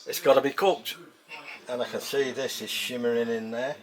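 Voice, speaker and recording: A man's voice: medium pitch, steady tone, moderate pace. A man from England with an English accent, chatting casually to camera in a home kitchen, rambling and repeating himself as he talks. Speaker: home cooking vlogger.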